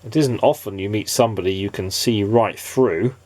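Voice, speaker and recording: A man, a father, reading a children's storybook aloud in a gentle, expressive way. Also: lowish voice, moderate pace.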